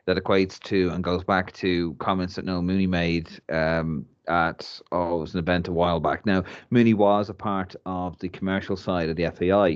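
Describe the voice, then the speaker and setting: A man's voice: sits low, moderate pace, hardly any pauses, clear, resonant tone. Rambling man on a lo-fi line. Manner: rambling, animated, many restarts. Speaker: podcast co-host. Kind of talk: casual football chat.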